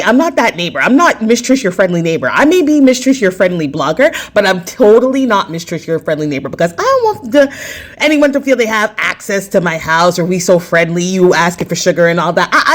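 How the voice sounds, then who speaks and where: Animated woman telling a storytime vlog. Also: fairly low pitch. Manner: animated and emphatic, talks straight to viewers. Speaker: vlogger.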